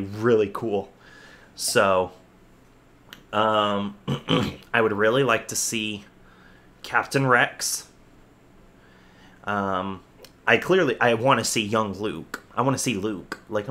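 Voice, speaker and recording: A man hosting his own reaction vlog, chatting in an excitable, rambling way with lots of fillers and repeated words. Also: lowish voice. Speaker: host.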